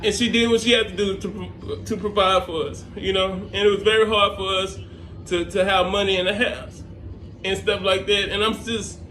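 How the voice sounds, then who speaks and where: Picture a young man with a noticeably high voice, rambling through his story in a casual, halting way and leaning on plenty of ums. The sound is roomy, with a faint hiss of background noise under it. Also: flat delivery, pushed and bright. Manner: rambling, halting, many fillers. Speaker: scholarship applicant. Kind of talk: casual to-camera talk.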